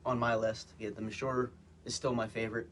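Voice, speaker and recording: A man's voice: medium pitch, a little fast, slight background noise. Easygoing man reviewing colognes. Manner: relaxed, hesitant, lots of "um" and "again". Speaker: guest co-presenter, husband. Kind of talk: casual product review. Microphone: phone, live stream.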